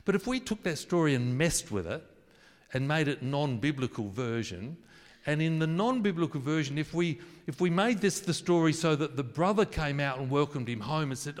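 A man preaching a sermon, earnest and emphatic at times, then soft and intimate. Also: fairly high pitch, lively intonation, normal speed. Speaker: pastor. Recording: long hall reverb.

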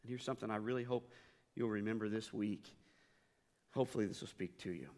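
A man's voice: on the low side, fairly even intonation, fairly quick, darkish tone. A middle-aged man preaching a sermon as pastor, telling stories earnestly and repeating his key phrases for emphasis. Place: church sanctuary. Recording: reverberant church hall.

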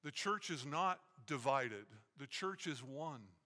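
A man preaching a sermon emphatically, acting out quoted lines and pausing for effect. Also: medium pitch, animated, sharp tone. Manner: emphatic preaching with dramatic pauses. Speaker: pastor. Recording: echoey hall.

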